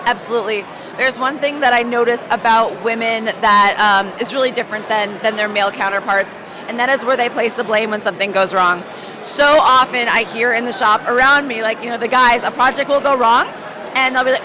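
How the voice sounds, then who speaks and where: A woman mechanic, hoarse from talking all day, giving emphatic, motivating interview answers. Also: a little high, steady tone, a little fast. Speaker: automotive technician guest. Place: busy trade show floor. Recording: crowd chatter and noise behind.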